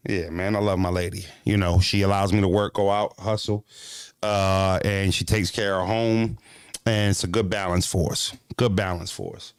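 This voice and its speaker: A man's voice: low voice, level tone, normal speed, clear, resonant tone, no echo, studio quality. A man vlogging in a casual comedic monologue, profane and rambling, laughing often as he jokes.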